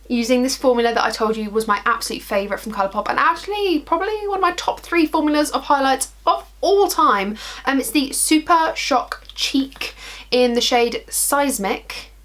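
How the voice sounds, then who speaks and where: A woman's voice: high voice, moderate pace, fairly bright tone. A young woman chatting casually through a makeup tutorial, rambling and poking fun at herself as she works in front of a mirror. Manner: chatty, self-deprecating, rambling asides. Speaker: makeup vlogger.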